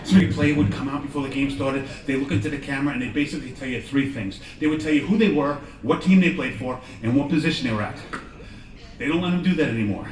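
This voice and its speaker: A man's voice: medium pitch, fast talker, a little mellow. A man doing a stand-up comedy set on a live stage, telling rambling, self-deprecating stories with asides. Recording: echoey live room, far from mic, crowd. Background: audience laughter.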